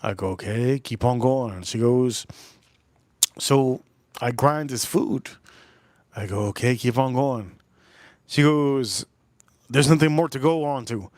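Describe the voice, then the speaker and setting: A man's voice: medium pitch, slow pace, long pauses, dry recording, clean studio sound. A man hosting a livestream, telling a rambling, crude story in a casual way and repeating himself as he goes. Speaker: livestream host.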